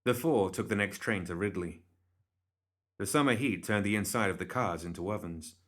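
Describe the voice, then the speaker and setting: A man with a fairly low voice narrates a story in a steady, measured way. His delivery is scripted and even. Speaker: reader.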